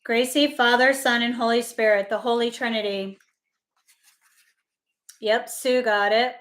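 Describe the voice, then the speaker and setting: Slow, high-voiced woman reading trivia. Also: steady tone, fairly bright tone. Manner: reads questions slowly and repeats answers. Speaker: co-host reading trivia questions. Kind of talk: casual livestream chat.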